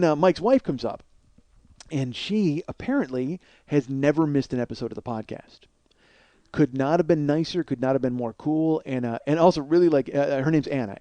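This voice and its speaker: A man's voice: a little high, expressive, brisk, warm tone, no room sound. A man telling a rambling, profane, self-deprecating comedic story as a podcast host.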